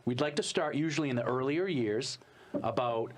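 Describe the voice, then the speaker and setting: A man co-hosting a podcast interview who chats warmly and prompts the guest to talk. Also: mid-range voice, normal speed. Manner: warm, chatty, introduces and prompts the guest. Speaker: podcast co-host.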